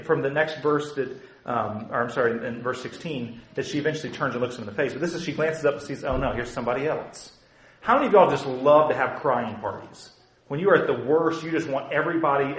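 A man's voice: fairly high pitch, echoey room, rough recording. A male pastor preaching a conversational sermon who acts out the quotes he tells.

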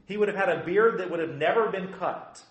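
Male pastor, animated conversational sermon, high voice, echoey room. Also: a little fast. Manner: animated, conversational, acts out quotes.

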